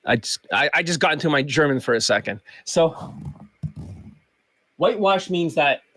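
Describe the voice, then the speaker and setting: A man's voice: on the high side, animated, moderate pace, fairly bright tone. A man coach talking in a rambling, joking vlog rant. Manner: rambling, joking, slips into mock accents.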